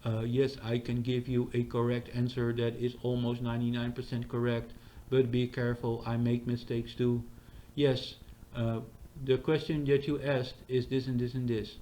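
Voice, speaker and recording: A man imitating a stiff, formal male robot assistant, talking in a flat, mechanical way. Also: medium pitch, normal speed, slight background noise, voice pushed down, natural voice. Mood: robotic.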